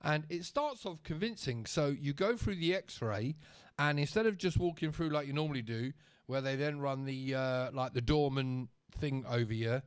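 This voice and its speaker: A man's voice: medium pitch, moderate pace, clear, resonant tone. A man telling a story to camera in a chatty, sarcastic rant, often checking in with his listener. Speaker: vlogger.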